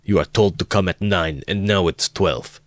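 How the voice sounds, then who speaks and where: A man voicing an indignant, easily offended police officer who shouts his lines in a storybook reading. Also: low voice, moderate pace, no echo, clean studio sound, natural voice. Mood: shouting.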